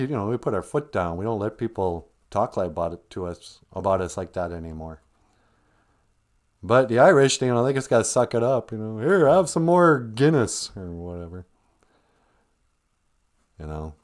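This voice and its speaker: A man's voice: on the low side, moderate pace. A man hosting a casual livestream who rambles, chuckles and reads out viewer comments between tangents. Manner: rambling, chuckling, animated asides. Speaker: livestream host.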